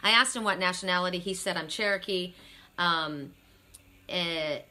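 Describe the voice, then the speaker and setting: Bright-voiced woman rambling about a reading. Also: lowish voice, moderate pace. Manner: rambling, blunt, swears freely. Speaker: psychic reader. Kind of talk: casual spiritual storytelling.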